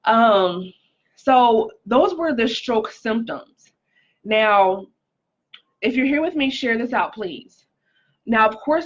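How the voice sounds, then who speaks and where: A woman's voice: a little high, lively intonation, takes it slowly, pauses often, highs cut off. A woman speaking casually on a livestream, sharing a personal testimony and greeting viewers by name, with frequent "like" and "um". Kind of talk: casual live-stream testimony.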